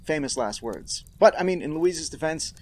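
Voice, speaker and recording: A man's voice: on the high side, animated, moderate pace. A man hosting a podcast, recapping a horror episode with sarcastic, mock-outraged asides. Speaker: podcast host.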